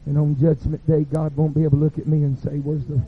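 Fiery preacher on a tinny line. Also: male voice, on the high side, completely flat delivery, fast. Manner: dramatic storytelling, building to shouts. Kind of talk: revival sermon. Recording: tinny phone-like sound.

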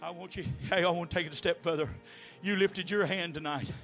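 A man preaching an altar call, pleading and swinging from low murmurs to shouted appeals. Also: steady tone, a little fast, soft background music. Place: church sanctuary.

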